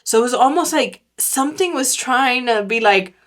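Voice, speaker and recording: A woman hosting her own podcast, talking earnestly and emotionally in a halting way, repeating words and swearing now and then. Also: high voice, animated. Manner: emotional, near tears; swears casually. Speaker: podcast host. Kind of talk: personal solo podcast talk.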